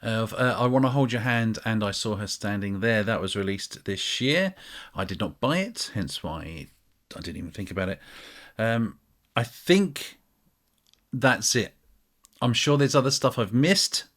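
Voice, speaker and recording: Man, British accent, slightly low pitch, casual vlog chat, rambling, self-mocking. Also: expressive, measured pace, a bit bright. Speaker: music vlogger.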